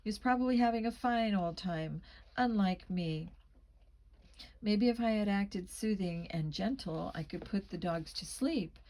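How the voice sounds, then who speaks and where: A woman's voice: medium pitch, measured pace, a little mellow, poor audio. A woman reading a teen mystery novel aloud as a first-person narrator, shading the dialogue with small voice changes. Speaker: audiobook reader. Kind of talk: amateur audiobook narration.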